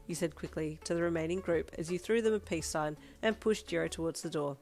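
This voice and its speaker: Low-voiced woman narrating fan fiction. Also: a little fast, few pauses, faint music behind. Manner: steady second-person storytelling. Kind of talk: fan fiction audiobook reading.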